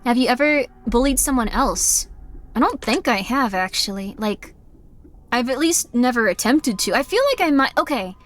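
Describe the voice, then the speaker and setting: A young woman streamer with a fairly high voice rambles candidly through her thoughts on a live game stream. She apologizes often and scatters "like" through nearly every sentence. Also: lively intonation, normal speed. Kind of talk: casual live-stream chat.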